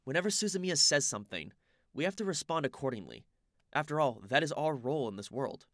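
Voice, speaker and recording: A man's voice: on the high side, animated, fairly quick, a bit bright, no room sound, studio quality, pitched above the performer's own voice. A man voicing a polite, confident teenage boy in an audiobook reading. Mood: composed.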